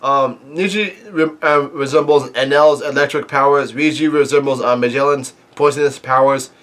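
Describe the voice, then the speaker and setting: A man talks through a comic chapter as a casual reviewer, at a middling pitch. He stumbles and restarts often, filling gaps with fillers as he recounts the story. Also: fairly even intonation, a bit bright. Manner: halting, many fillers and restarts. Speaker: manga reviewer.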